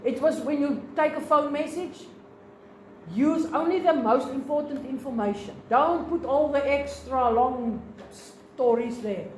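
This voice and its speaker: A South African woman teaching a lesson, explaining slowly, repeating points and asking the class questions. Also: high voice, roomy sound, a little hiss or hum, poor audio.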